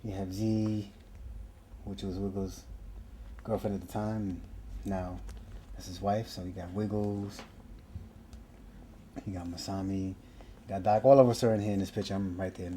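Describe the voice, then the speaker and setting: A man's voice: low voice, level tone, normal speed, pauses often, mellow, roomy sound, a little hiss or hum. A man telling stories in an interview, laid-back and emphatic. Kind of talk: reflective storytelling.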